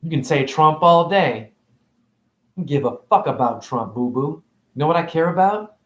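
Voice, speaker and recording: A man giving a rambling, confrontational livestream monologue. He fires off rhetorical questions, and his pitch swings widely. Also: animated, moderate pace, roomy sound. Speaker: spiritual vlogger and store cashier.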